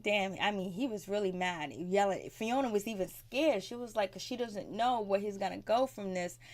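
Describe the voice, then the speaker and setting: Woman vlogger, talky episode recapper, frank and a bit profane, mid-pitched. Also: normal speed, darkish tone. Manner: rambling and conversational, frank, with fillers and mild swearing.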